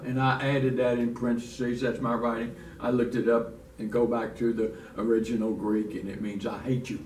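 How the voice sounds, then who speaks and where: A man's voice: medium pitch, flat delivery, normal speed, hardly any pauses, darkish tone. A man teaching a church Bible lesson in a folksy, restarting way, reading scripture aloud. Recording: echoey room from far off, faint noise.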